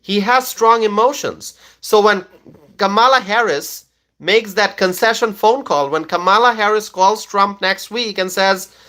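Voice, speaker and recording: A man's voice: sits high, a little slow, sharp tone. A man hosting a political livestream and reading out viewer comments. He is emphatic, repeats himself, and keeps checking in with "okay?".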